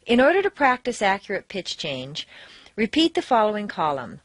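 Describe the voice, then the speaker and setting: A woman with an American accent reading a pronunciation drill as a teacher, modelling each word slowly with deliberate, exaggerated stress. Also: medium pitch, big pitch swings, no echo.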